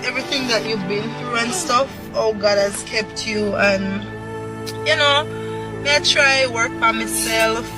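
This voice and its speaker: Tired-sounding woman over loud music. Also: on the high side, unhurried. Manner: weary, reflective, soft-spoken. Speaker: mother talking to camera.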